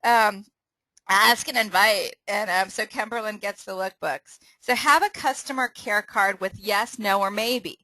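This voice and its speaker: A woman's voice: mid-range voice, measured pace, sharp tone, dry recording, low-quality recording. A woman hosting a casual sales training call, upbeat and laughing often, running a quiz and restarting her sentences.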